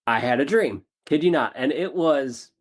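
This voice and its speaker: A man, a podcast guest, telling a personal story in a casual interview, animated and self-deprecating, repeating phrases for emphasis. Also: mid-range voice, moderate pace.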